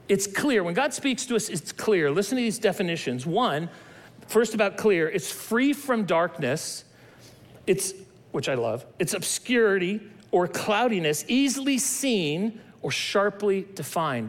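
A man preaching a sermon, reading scripture and then teaching with emphatic, animated delivery and acted-out dialogue. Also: high voice. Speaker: pastor.

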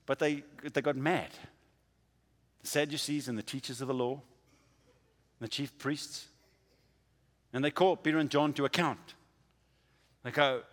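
A man preaching a sermon, with a dramatic delivery that swings from quiet to loud. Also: mid-range voice, fairly even intonation, a little slow, long pauses, in a large hall. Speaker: pastor.

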